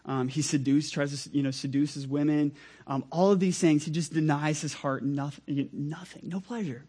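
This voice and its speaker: A young man preaching a sermon in a conversational, energetic way, full of asides to the listeners. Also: medium pitch.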